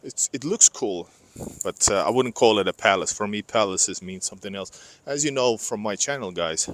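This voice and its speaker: This casual live street vlog has a man strolling through a wintry city, chatting and rambling to viewers he addresses as "guys," captured on a clip-on microphone. He speaks at a normal speed in a lowish, fairly bright voice.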